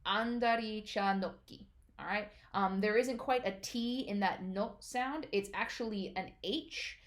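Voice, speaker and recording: A woman's voice: mid-range voice, measured pace. A woman teaching as a martial arts instructor, explaining patiently and checking in often with "all right?".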